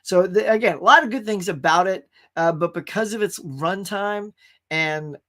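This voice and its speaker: A man's voice: high-pitched, moderate pace, pushed and bright. A man hosting a casual pop culture live stream, rambling enthusiastically about movies and greeting viewers in the chat.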